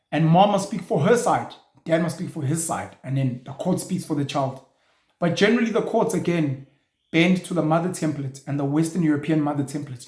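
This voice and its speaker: A man's voice: fairly high pitch, darkish tone. A man, hosting a show and ranting bluntly in an opinionated monologue, now and then swearing. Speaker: show host. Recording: echoey room.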